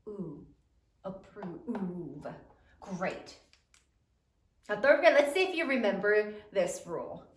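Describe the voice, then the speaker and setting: A woman teacher leading a spelling lesson for children, sounding out each syllable slowly and clearly. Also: high-pitched, a bit bright, far from the mic. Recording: roomy, from away from the mic.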